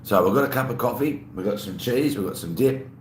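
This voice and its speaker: A man's voice: fairly low pitch, lively intonation, fairly quick. A man with an Australian accent hosting a casual livestream, chatting loosely with viewers and answering their messages while he eats. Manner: laid-back, rambling, answers chat messages aloud. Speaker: livestream host. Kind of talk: casual live chat, greeting viewers while eating. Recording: roomy echo with faint background hum.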